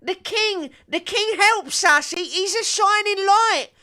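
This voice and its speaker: A man putting on the high, shrill voice of a gushing royalist fan, in a mocking falsetto. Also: takes it slowly, pushed and bright, exaggerated voice. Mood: gushing, indignant.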